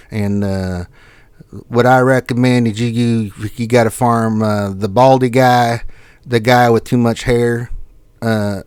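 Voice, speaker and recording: A man voicing a folksy Southern hillbilly who rambles through game advice with a loud drawl. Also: fairly low pitch, smooth, dry recording, close to an everyday voice. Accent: put-on American Southern.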